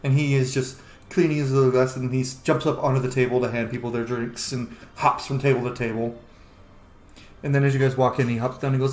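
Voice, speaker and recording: A man narrating a tabletop game as game master in a relaxed, easygoing way over an online call. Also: mid-range voice, brisk, echoey room. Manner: relaxed, easygoing description with casual fillers.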